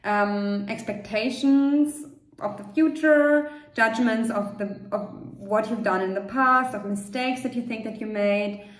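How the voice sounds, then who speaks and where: A woman coach leading a guided meditation, speaking gently and reassuringly in a loose, unscripted way with frequent fillers. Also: a little high, measured pace. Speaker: manifestation coach. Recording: roomy echo.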